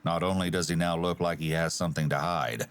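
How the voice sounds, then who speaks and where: A man's voice: sits low, fairly even intonation, quick pace, smooth. A man narrating a true crime documentary, giving pointed, analytical commentary.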